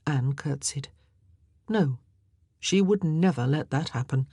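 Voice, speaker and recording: A woman narrates a historical novel with expressive, measured delivery. Her voice sits low, breathy and husky, with a lively, rolling intonation. The sound is dry and close, with no room around it. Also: dry recording. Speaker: audiobook narrator.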